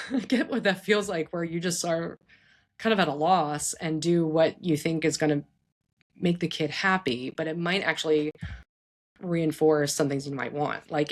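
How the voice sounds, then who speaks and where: A woman psychologist hosting a show, giving casual advice to parents in an earnest, animated way, often restarting her sentences. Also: fairly low pitch. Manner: earnest, animated, frequent restarts and self-corrections.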